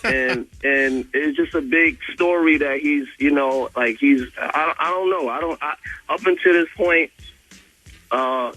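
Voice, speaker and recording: A young man calling in to a radio show, telling a story in a casual, animated way, swearing freely and filling his speech with "like" and repeated words. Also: a little high, unhurried, soft background music, low-quality recording. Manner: animated, profane, full of "like" and repeats.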